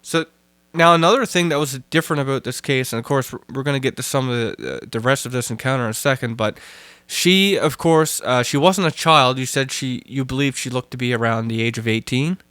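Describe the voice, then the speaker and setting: Male podcast host, bright and crisp, recaps and probes, dry sound. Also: mid-range voice, brisk, no room sound. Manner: probing, recaps the story back to the guest. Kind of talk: interviewing a guest.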